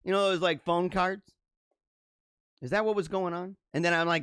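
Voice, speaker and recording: A man's voice: sits high, steady tone, normal speed, fairly bright tone, clear, resonant tone, dry recording, clean studio sound. A young man hosting a casual livestream, reading viewer comments and rambling through laughing asides.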